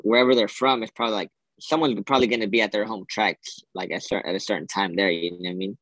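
A man's voice: fairly low pitch, steady tone, fast, a bit bright, dry recording, rough recording. A young man co-hosting a podcast, telling stories in loose, rambling casual chat full of fillers and swearing. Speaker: podcast co-host.

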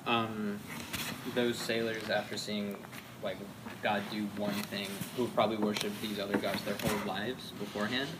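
A man's voice: fairly low pitch, flat delivery, normal speed. A man in the audience giving a hesitant answer to the teacher's question. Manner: hesitant, with fillers. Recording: distant voice in a noisy room.

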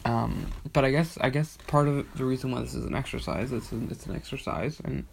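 A man's voice: mid-range voice, a little fast, creaky, slight background noise. A tired young man hosting a podcast, rambling with many fillers in a casual monologue. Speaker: podcast host.

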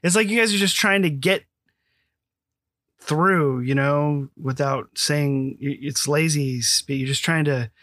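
A man's voice: on the high side, a little slow, a bit bright, no room sound, studio quality. A man with an American accent hosting a casual film-review chat. He jokes in banter and often mocks himself. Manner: joking banter, self-mocking. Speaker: podcast host.

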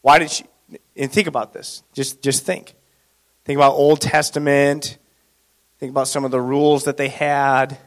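A man preaching a sermon in an animated, conversational way, asking the congregation questions. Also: medium pitch, normal speed.

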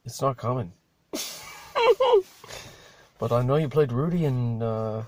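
A man's voice: mid-range voice, takes it slowly, pauses often, darkish tone. A man hosting his own podcast, talking alone in a loose, profane, stop-start ramble. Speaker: podcast host. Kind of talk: rambling solo podcast chat.

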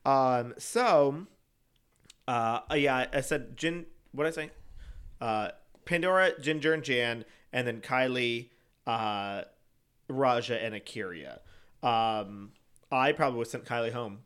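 A man in casual chat recapping a show, blunt and swearing, quoting people in animated voices. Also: medium pitch, slow pace, clear, resonant tone.

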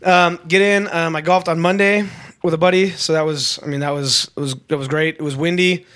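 A young man chats casually on a podcast, his voice sitting a little high. He tells stories with energy and drops into sudden higher voices when he mimics people. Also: fairly even intonation, a little fast, a bit bright. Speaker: podcast co-host. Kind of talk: casual storytelling chat.

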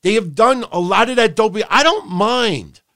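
High-voiced man ranting profanely. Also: unhurried, no echo, clean studio sound. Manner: profane, ranting, animated, mocking impressions. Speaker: podcast host. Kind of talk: ranting wrestling podcast talk.

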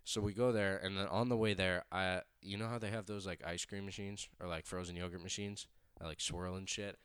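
A man's voice: deep voice, fairly even intonation, a little fast, fairly bright tone, clear, resonant tone, no echo, studio quality. A young man co-hosting a casual podcast, telling crude stories with lots of swearing and acted-out voices. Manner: crude storytelling, swears a lot, acts out others' voices. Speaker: podcast co-host.

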